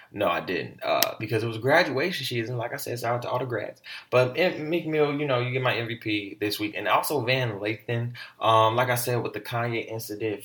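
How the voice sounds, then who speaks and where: A man hosting a casual solo podcast, talking in an animated, slangy way with plenty of swearing. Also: on the low side. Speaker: podcast host.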